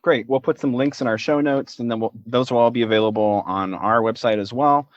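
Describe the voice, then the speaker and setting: A man's voice: mid-range voice, fairly quick, dry recording, lo-fi sound. A man hosting a podcast from his apartment, chatting and signing off in a friendly, upbeat way. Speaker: podcast host. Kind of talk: casual podcast chat and sign-off.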